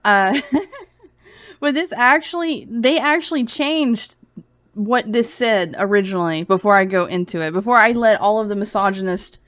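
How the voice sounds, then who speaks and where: A woman's voice: medium pitch, normal speed, fairly bright tone, no echo, clean studio sound. A young woman streaming sarcastic commentary, mocking and giggly, sounding a bit feverish.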